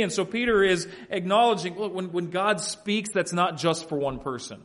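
A man preaching an expository sermon, shifting between quiet, folksy asides and loud, emphatic passages. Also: high voice, normal speed, hardly any pauses. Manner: folksy family anecdotes, laughs at own stories. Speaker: pastor.

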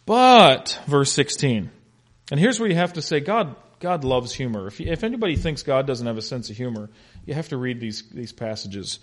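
A man teaching an interactive Bible lesson, animated and questioning his class with humor. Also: mid-range voice, moderate pace.

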